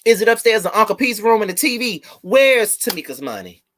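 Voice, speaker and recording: A man's voice: sits high, big pitch swings, a little fast, fairly bright tone. A man hosting a live review, ranting emphatically to his viewers with blunt, profane repetition. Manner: blunt, swears freely. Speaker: video host and reviewer.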